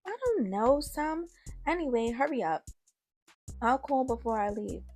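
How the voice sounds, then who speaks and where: A woman's voice: fairly high pitch, lively intonation, a little slow, darkish tone, faint music behind, voice pushed up. A woman voicing a blunt, bossy teenage girl urging her friend to hurry, in an audio story. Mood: pushy.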